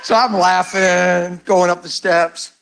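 A middle-aged man preaching his testimony as a lively story. His voice sits a little above the usual male range. He acts out the other people in the story and often sinks to a hushed tone. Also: sits high, takes it slowly, vocal fry, a little hiss or hum.

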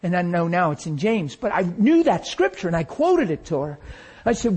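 Male preacher, high voice, animated sermon testimony. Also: normal speed, breathy edge. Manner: animated storytelling, acting out his own crying.

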